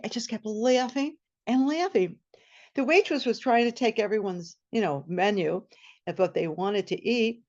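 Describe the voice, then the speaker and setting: A woman telling a personal story at a storytelling event, animated and acting out the scene, over a video call. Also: fairly high pitch, moderate pace. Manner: animated, laughing, acts out the scene. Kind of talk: personal story told live. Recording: muffled video-call audio.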